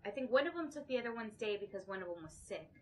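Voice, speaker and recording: This woman has a mid-range voice with lively intonation and talks fast, with a little hiss or hum in the audio. On a casual podcast she co-hosts, she retells a movie plot loosely and voices the characters' lines.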